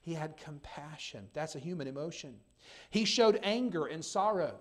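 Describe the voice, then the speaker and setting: A male pastor delivers a sermon in a slightly high voice, animated and at normal speed. His delivery swings between soft and loud as he reads old-fashioned scripture and turns to the congregation with conversational asides.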